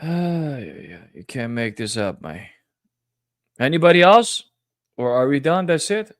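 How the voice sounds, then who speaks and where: A man's voice: mid-range voice, big pitch swings, measured pace, dry recording, studio quality. A man hosting a live-streamed religious debate, talking in a confrontational, mocking way. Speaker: debate livestream host.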